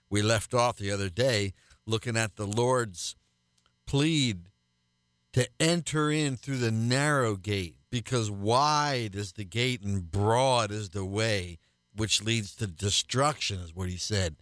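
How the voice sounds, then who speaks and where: A man's voice: medium pitch, fairly bright tone, no echo, studio quality. A man hosting a radio Bible teaching program as pastor, speaking earnestly and building to emphatic repeated refrains.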